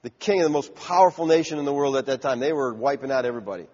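A man's voice: mid-range voice, rapid-fire, darkish tone. A man preaching a sermon in an emphatic, conversational way, heard on a dull recording in a large church hall with a long echo.

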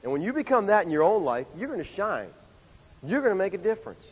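A male pastor preaching a sermon in a conversational, animated way, full of rhetorical questions. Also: high-pitched, quick pace, slightly rough. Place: church sanctuary. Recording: dull sound with long hall reverb.

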